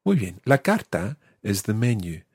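Patient husky male language teacher. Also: lowish voice, very animated, no room sound, clean studio sound. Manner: patient, explanatory, slows down to model words. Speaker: language teacher, podcast host. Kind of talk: audio language lesson.

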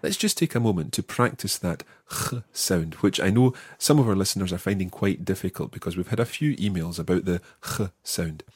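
Patient husky male language teacher. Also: low voice, expressive, dry recording, clean studio sound. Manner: patient, explanatory, slows down to model words. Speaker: language teacher, podcast host. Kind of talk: audio language lesson.

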